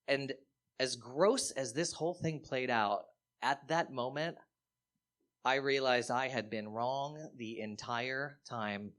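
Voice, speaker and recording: A man performing stand-up comedy on stage, telling a story in an animated, profane way with sudden loud outbursts. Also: mid-range voice. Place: live stage show.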